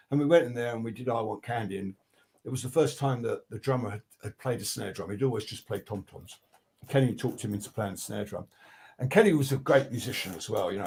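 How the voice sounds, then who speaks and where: A man's voice: medium pitch, vocal fry. An older man, telling studio stories in a rambling, profane, casual way on a video call. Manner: rambling, profane, restarts a lot, animated quoting. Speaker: guest record producer. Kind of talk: casual storytelling interview.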